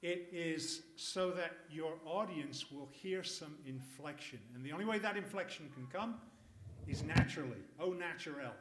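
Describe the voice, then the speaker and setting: A man's voice: on the high side, moderate pace, a little hiss or hum. A man teaching public speaking to a live audience in a workshop, emphatic and jokey. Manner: lively, emphatic, jokey asides. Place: conference room. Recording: echoey room.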